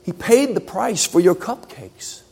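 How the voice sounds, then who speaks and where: Man, preacher, story sermon, slightly high voice, acts out characters, loud then hushed. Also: sing-song, unhurried, creaky, slightly rough.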